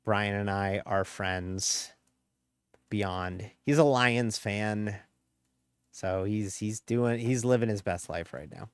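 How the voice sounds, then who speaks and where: A man's voice: fairly low pitch, slow, smooth, dry recording, studio quality. A man with a slightly nasal voice, chatting casually on a live stream and rambling with many fillers.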